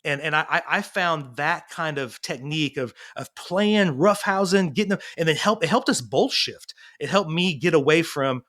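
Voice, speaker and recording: A middle-aged man, a parenting coach, talking in a casual interview and telling stories with lively, acted-out quotes. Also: on the high side, normal speed, hardly any pauses. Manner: animated storytelling, acting out quoted voices.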